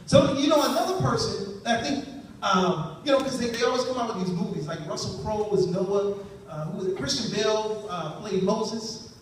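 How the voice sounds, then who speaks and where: A man's voice: high-pitched, expressive, normal speed. A man performing a stand-up set in a club, talking in a loose conversational way with rambling asides. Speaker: stand-up comedian. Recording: echoey club, distant mic, noisy.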